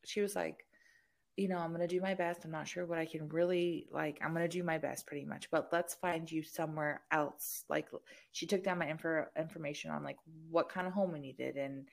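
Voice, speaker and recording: A woman with a very low, gravelly voice chats casually. She gives advice in a direct, easy way. She speaks as a fellow military spouse. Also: fairly even intonation, a little fast. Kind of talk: casual chat.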